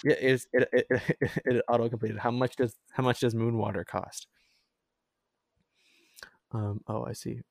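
A man's voice: medium pitch, little pitch movement, a little slow, creaky, pauses often, no echo. Brief: chatty male host, mid-range voice, rambling and laughing, dry close sound. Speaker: podcast host. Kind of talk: casual chat.

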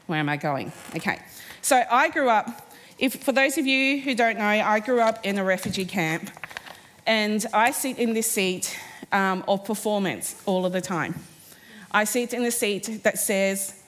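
A woman in her forties giving a personal storytelling talk to a live audience, lively, acting out the voices of people in her stories. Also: mid-range voice, unhurried. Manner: animated, acts out quoted voices. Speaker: speaker at a live event. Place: stage before a live audience.

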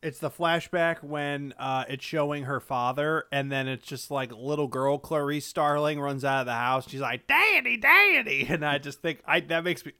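Bright, clear-voiced joking young man. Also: fairly high pitch, moderate pace, hardly any pauses. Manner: joking, deadpan bits. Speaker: podcast co-host. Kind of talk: casual chat.

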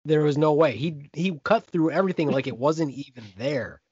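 A man in casual podcast chat, loud and animated and swearing freely. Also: a little high, normal speed, slightly rough, no echo. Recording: dull lo-fi dry recording.

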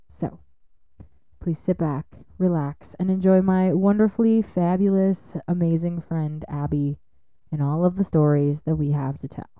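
A woman's voice: fairly low pitch, dark tone, no room sound, dull audio. A woman hosting a podcast, reading a scripted intro and drawing out key words. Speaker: podcast host.

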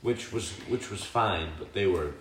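A young man co-hosting a casual podcast, firing quick questions and teasing his friends. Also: fairly low pitch, crowd noise. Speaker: college athlete podcast co-host. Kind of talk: casual chat. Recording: echoey room with slight noise.

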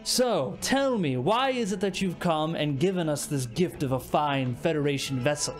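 A man's voice: on the high side, animated, moderate pace, faint music behind, close to an everyday voice. A man voicing a proud male Klingon chancellor who talks in a formal, probing way.

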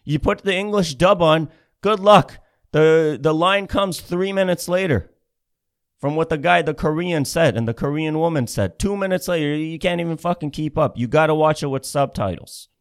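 Male comic, fairly high-pitched, sarcastic profane rant delivery. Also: normal speed. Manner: ranting, sarcastic, swears heavily. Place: Ontario, Canada.

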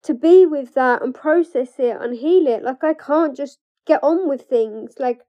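A young woman with a high voice opens up in a confessional vlog, candid and emotional, pausing and laughing nervously between thoughts. The sound is dull and lo-fi, with the top end muffled. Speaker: trauma coach. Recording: dull lo-fi recording.

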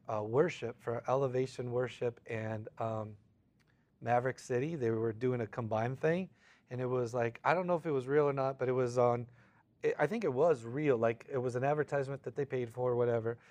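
A man preaching a conversational sermon, casual and animated, acting out quoted voices between frequent fillers. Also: medium pitch. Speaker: pastor.

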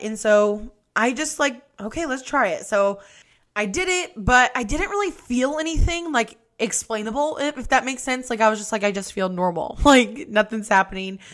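A woman's voice: fairly high pitch, fairly bright tone. Young woman podcast host, casual confessional storytelling, profane and giggly. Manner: candid, profane, laughs often.

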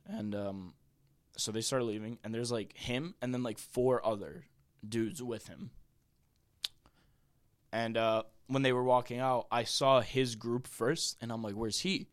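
A young man, a podcast guest, telling a rambling story in casual chat, full of "like" and "bro" and quick laughs. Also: mid-range voice.

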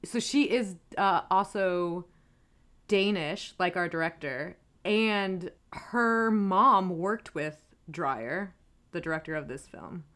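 Talking slowly in a lowish, fairly bright voice, a podcast co-host gushes about classic movies in a relaxed way. Her speech is sprinkled with lots of "like."

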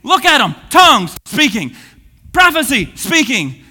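A man preaches with restless energy, his voice swinging from booming to hushed. His voice sits very high and sounds sharp and forceful. The long reverb of a church hall trails behind every phrase. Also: big pitch swings, unhurried, slightly rough. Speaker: pastor. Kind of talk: energetic sermon.

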